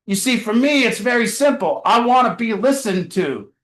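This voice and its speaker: A man with a high voice gives a motivational talk to a support group, driving his points home with repeated rhetorical questions. His words ring out in an echoey meeting room. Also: animated, normal speed, a bit bright. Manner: earnest, repetitive preaching cadence with rhetorical questions. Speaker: addiction family support group leader.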